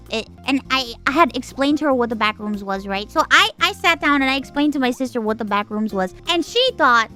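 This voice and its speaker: High, bright-voiced woman telling a story. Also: fairly quick, hardly any pauses, soft background music. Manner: animated storytelling, often slipping into voices of family members. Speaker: streamer. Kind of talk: casual stream chat.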